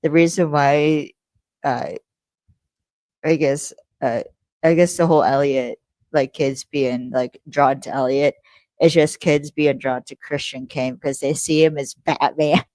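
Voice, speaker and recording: A woman's voice: low voice, steady tone, unhurried, a little mellow, no room sound. A young adult woman hosting a podcast, recapping an episode in a rambling, casual way, swearing freely and correcting herself as she goes. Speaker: podcast host.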